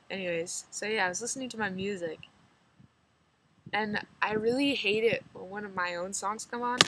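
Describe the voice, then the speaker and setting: A woman's voice: medium pitch, very noisy. Chatty teen girl with a slight drawl. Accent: slight rural drawl. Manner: chatty, rambling, giggly, lots of "like". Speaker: vlogger. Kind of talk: casual chat to camera.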